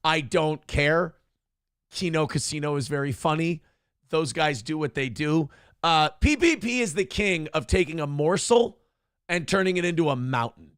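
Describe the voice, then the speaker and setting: A man hosting a casual commentary show, talking in a rambling, animated way full of swearing. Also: a little high, normal speed, clear, resonant tone, dry recording, studio quality. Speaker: show host.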